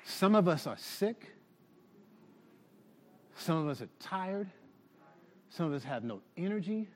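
Animated, high-voiced male preacher. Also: unhurried, big-room sound, slight background noise. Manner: animated, shouting at peaks, with laughs. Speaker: pastor. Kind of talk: sermon. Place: church.

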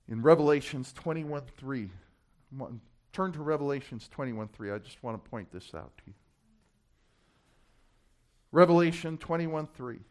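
A man preaching a sermon, dropping to hushed asides and swelling to loud, emphatic climaxes, repeating key phrases and stumbling over words as he builds. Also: a little high, moderate pace, long pauses. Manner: stammers and restarts when building to a point.

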